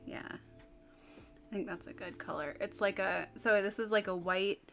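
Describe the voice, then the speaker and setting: A woman livestreaming as she paints, chatting in a relaxed way and thinking aloud. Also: medium pitch, a little slow, vocal fry. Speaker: livestreaming artist. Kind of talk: casual chat while painting. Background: faint music.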